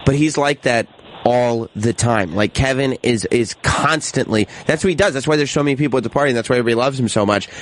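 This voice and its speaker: A male talk show host with a mid-range voice tells lively anecdotes and laughs between lines. A faint hiss sits underneath the talk. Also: medium pitch, quick pace. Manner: animated storyteller, laughs through his anecdotes. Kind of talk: casual radio chat, storytelling.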